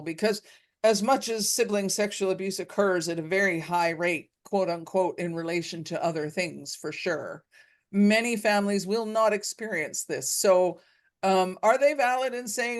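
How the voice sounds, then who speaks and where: A woman hosting a panel discussion, friendly and measured, asking long questions. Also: mid-range voice. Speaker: host.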